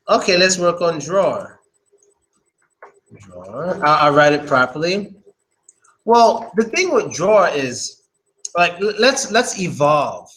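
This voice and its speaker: A man's voice: on the high side, fairly bright tone, poor audio. A young man giving a casual, chatty English pronunciation lesson, drilling words over and over. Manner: chatty, loose, repeats words.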